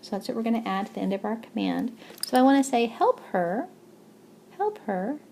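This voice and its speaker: A woman's voice: on the high side, very animated, moderate pace, gravelly, a little mellow, slight background noise. A woman teaching a recorded language lesson, explaining step by step with patience and checking in with "okay?". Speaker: Spanish teacher.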